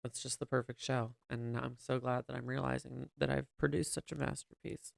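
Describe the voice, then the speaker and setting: Guy co-hosting a podcast, campy and playful, gravelly but smooth voice, dry close sound. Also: medium pitch, fairly even intonation, a little fast, dry recording. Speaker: podcast co-host. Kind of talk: casual comedic chat.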